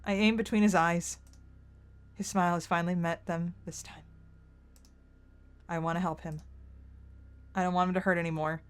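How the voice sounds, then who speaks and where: A woman's voice: lowish voice, fairly even intonation, normal speed, pauses often, clean tone. A woman streaming a visual novel playthrough, reading the story aloud in her own voice. She reacts with strong emotion and sudden outbursts as she goes. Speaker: game streamer.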